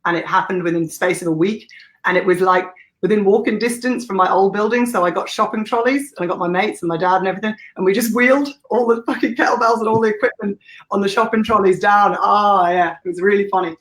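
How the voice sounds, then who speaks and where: A woman's voice: mid-range voice, fast, poor audio. Irish woman in her thirties, swears a lot, laughs as she talks, candid guest telling her story. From Ireland. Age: 30s. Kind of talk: casual interview storytelling.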